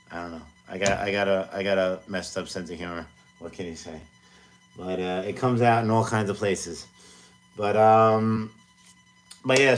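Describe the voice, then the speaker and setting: Man, 40s, deep voice, loose rambling livestream chatter from his home studio, self-mocking. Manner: rambling, self-deprecating, many fillers. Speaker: music producer streaming live. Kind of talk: casual livestream chat.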